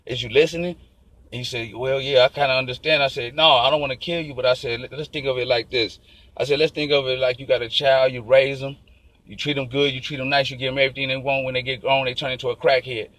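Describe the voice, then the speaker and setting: A man telling a long story in a casual, animated and profane street style. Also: medium pitch, rough recording. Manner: profane, animated, fast-talking.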